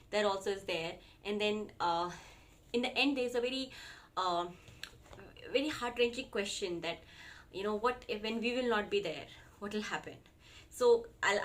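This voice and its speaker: A woman's voice: medium pitch, fairly bright tone. A young woman with an Indian English accent, chatting casually as she reviews children's books, with many fillers and restarts. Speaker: parenting vlogger.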